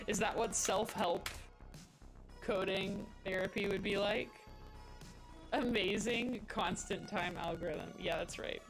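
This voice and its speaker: Slow-talking woman coding live. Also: mid-range voice, steady tone, soft background music. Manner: chatty, rambling, thinking aloud with many fillers. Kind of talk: casual live-stream chat while coding.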